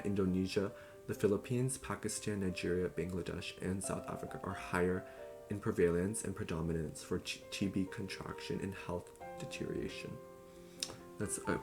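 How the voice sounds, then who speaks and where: Young guy with a real deep voice chatting thru a book summary, lots of um and right, guitar music going in the back. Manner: loose and chatty, with fillers and self-corrections. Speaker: book reviewer. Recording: clear music playing behind.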